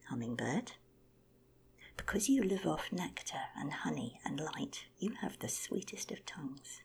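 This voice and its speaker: A woman's voice: fairly low pitch, gravelly, a little mellow, breathy edge, exaggerated voice. A woman voicing a thoughtful, reasoning flamingo in a whispered storybook reading. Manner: reasoning, persuasive.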